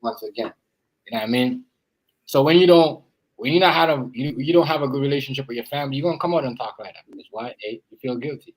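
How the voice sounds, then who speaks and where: A man hosts a laid-back podcast conversation, his talk loose and rambling as he circles back over the same phrases again and again. He talks fast with a medium pitch and a breathy edge, and the recording is rough.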